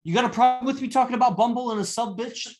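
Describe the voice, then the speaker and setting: A man's voice: very high-pitched, very fast, a crowd in the background. A man giving a live classroom lecture, confrontational and profane as he berates a student.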